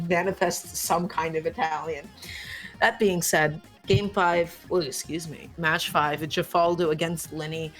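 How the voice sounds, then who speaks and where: A young woman calls a fighting-game match live, playful and quick to joke, her excitement spilling over at big moments. Her voice sits a little low for a woman, and soft music runs faintly behind her. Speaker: esports commentator. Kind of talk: live esports commentary.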